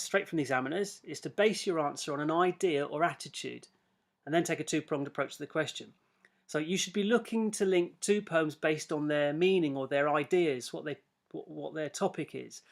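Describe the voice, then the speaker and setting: A man's voice: fairly high pitch, creaky. A man teaching a recorded literature lesson, chatty, with self-deprecating asides and frequent fillers and restarts.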